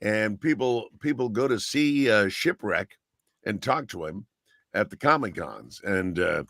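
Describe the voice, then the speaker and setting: A man's voice: fairly low pitch, animated, unhurried, fairly bright tone, dry recording, clean studio sound. An older man, a radio broadcaster guest, chatting eagerly and rambling with many fillers. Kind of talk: casual interview chat.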